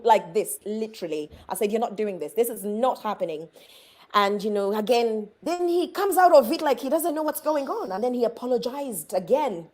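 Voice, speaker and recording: A woman from Uganda earnestly telling a personal story in a conversation, halting and restarting often. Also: medium pitch, a little mellow.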